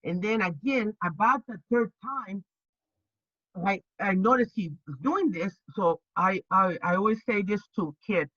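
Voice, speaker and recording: An older woman, a labor organizer, telling her stories in an interview with lively energy, stumbling and restarting often and acting out the voices she quotes. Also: medium pitch, dry recording, dull audio. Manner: animated, halting with many restarts, acts out quoted voices. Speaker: labor organizer and activist guest. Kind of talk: storytelling interview.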